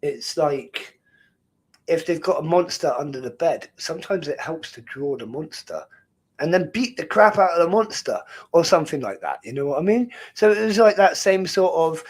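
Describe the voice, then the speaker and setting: A man's voice: a little high, expressive, moderate pace. A man, hosting a casual live stream in a rambling, jokey way and laughing often. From England.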